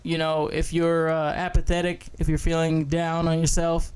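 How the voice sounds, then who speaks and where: Brief: young man, slightly high voice, relaxed and profane, easy laughs, casual podcast co-host. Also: normal speed, clear, resonant tone. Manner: laid-back, profane, laughs easily.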